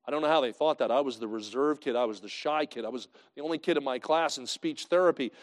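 A male pastor preaching a sermon in a conversational way, swinging from loud to hushed. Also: medium pitch, fast talker, long reverb tail.

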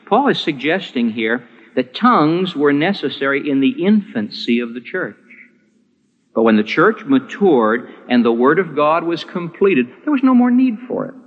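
A male pastor delivering a sermon in a church, his voice climbing for emphasis and sinking low again. It sits at a middling pitch and rings with long hall reverb. The recording sounds dull and lo-fi. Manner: emphatic, rising to stress points then dropping low.

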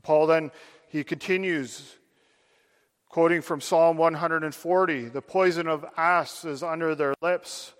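A man's voice: a little high, fairly even intonation, a little slow, long reverb tail. A man preaching a sermon, addressing his listeners directly with earnest, building emphasis.

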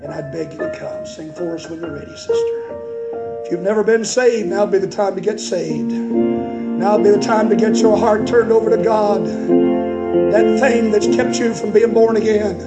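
A man preaching a sermon in a church, impassioned and building to shouts. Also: sits high, normal speed, muffled recording. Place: church sanctuary. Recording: echoey church with loud music.

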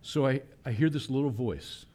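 A man preaching a sermon, animated, acting out voices in quoted lines. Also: medium pitch, moderate pace. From Philadelphia area. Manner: animated preaching, voicing God and children in quotes. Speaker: pastor.

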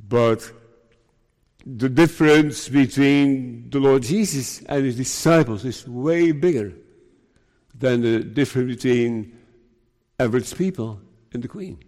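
A man preaching a sermon in a slow, emphatic way, raising his pitch to stress his points. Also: a little mellow. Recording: long hall reverb.

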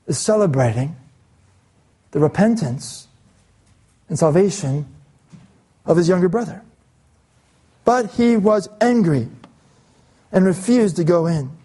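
A male pastor preaching an expository sermon, reading scripture aloud and slowing down to stress key phrases. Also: fairly high pitch, warm tone, breathy edge.

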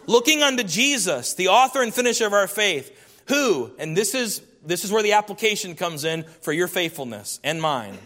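A man's voice: high voice, big pitch swings, normal speed, bright, forceful tone. A man preaching a sermon, reading scripture aloud and building emphatic lists of repeated phrases. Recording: long hall reverb.

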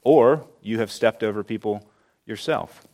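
A man's voice: lowish voice, warm tone. Earnest man preaching a sermon. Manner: earnest, emphatic preaching with slowed stresses. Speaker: pastor.

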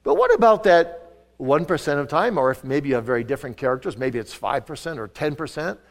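An older man preaching a sermon in a church, pressing some words hard and dropping others to a hush. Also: a little high, animated, a little fast. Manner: emphatic, swings between loud stresses and soft asides. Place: church sanctuary.

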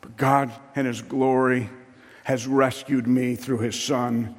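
Impassioned preacher in a reverberant hall. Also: male voice, medium pitch, flat delivery, slow. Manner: impassioned, rising to loud emphatic peaks. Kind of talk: sermon.

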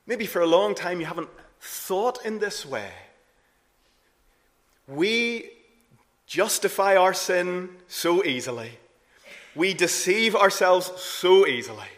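A man preaching a sermon earnestly, rising to emphatic peaks and then dropping low and soft. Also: animated, slow, long pauses. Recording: long hall reverb.

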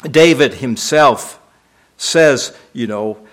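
A man's voice: mid-range voice, slow, a bit bright. A man delivering a sermon as pastor, emphatic and repetitive, asking rhetorical questions.

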